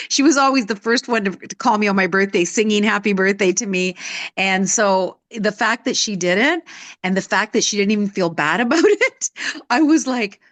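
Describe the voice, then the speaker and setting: An emphatic, candid woman in her sixties, coaching through her own life story. Her voice sits at a middling pitch, and the sound is close and dry with no room echo. She puts on higher voices for the people she quotes. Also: fairly bright tone. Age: 60s. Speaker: personal development coach. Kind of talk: personal storytelling in a live talk.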